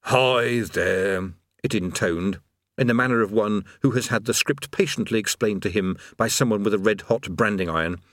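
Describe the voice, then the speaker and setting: A man narrating an audiobook in a wry, expressive storytelling manner, close on a studio mic. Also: lowish voice, fairly quick, no echo. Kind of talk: scripted narration.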